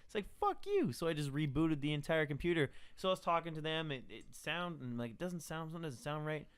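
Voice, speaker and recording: A man's voice: on the high side, quick pace, a bit bright, clean tone. A man hosting a podcast, telling stories in casual chat, swearing often and acting out quotes. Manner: swears a lot, acts out quotes. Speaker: podcast host.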